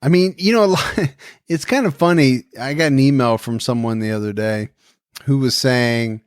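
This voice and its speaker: A man's voice: mid-range voice, normal speed, clean tone, no echo, clean studio sound. Chatty podcast co-host man. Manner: easygoing, chatty. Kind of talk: casual chat.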